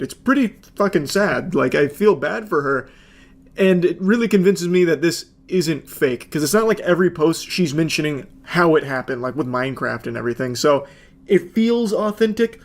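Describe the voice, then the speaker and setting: A man giving casual reaction commentary, sarcastic and swearing freely. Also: a little high. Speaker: commentary host.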